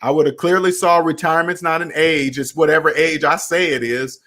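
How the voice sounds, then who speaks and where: A man's voice: fairly high pitch, fairly even intonation, brisk, a bit bright. A young adult man hosting a casual personal finance live stream, talking straight to viewers and repeating phrases for emphasis.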